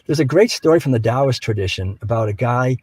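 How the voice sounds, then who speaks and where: An older man speaking as a guest in a reflective conversation, gentle and unhurried, telling stories with frequent restarts. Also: mid-range voice, animated, husky, rough recording.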